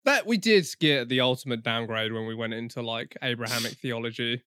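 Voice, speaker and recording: A young man co-hosting a podcast, chatting casually, swearing a lot and getting loud when excited. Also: medium pitch, fairly quick, clear, resonant tone, no echo, clean studio sound. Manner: profane, excitable, swings loud. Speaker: podcast co-host. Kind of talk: casual chat.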